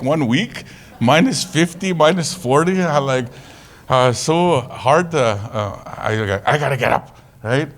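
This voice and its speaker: A man presenting at a conference, talking casually, with jokes and lively storytelling. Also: a little high. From Canada. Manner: casual, joking, animated storytelling. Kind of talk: conference talk.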